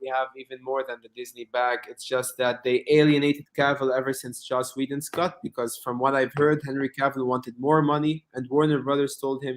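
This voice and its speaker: A man chatting casually on a podcast who argues his point in animated bursts and acts out quotes along the way. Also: mid-range voice, fairly quick, few pauses. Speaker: podcast co-host. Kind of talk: casual chat.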